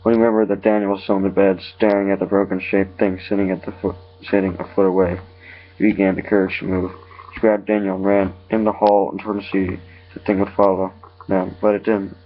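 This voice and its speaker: A man with a low voice retells a horror story from memory. He talks haltingly and often stops to correct himself. The recording is dull and lo-fi. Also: flat delivery, soft background music.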